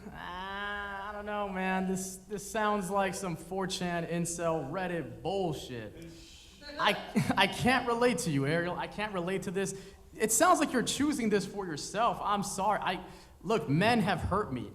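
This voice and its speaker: Comedian putting on a raised-voice scornful skeptic, sneering, live hall reverb. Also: male voice, sits high, animated, a little slow, fairly bright tone, pitched above the performer's own voice. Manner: sneering and exasperated. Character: scornful man dismissing a lonely friend.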